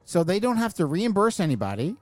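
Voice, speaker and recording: A man's voice: high-pitched, big pitch swings, fairly quick, a little mellow, no room sound, faint music behind. A man hosting a podcast, ranting in a casual, profane chat. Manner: ranting, heavy swearing. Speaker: podcast host.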